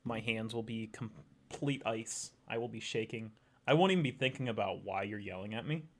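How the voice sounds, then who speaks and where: A man's voice: lowish voice, moderate pace. A man in a casual podcast chat, chiming in with short, plain remarks. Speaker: podcast guest.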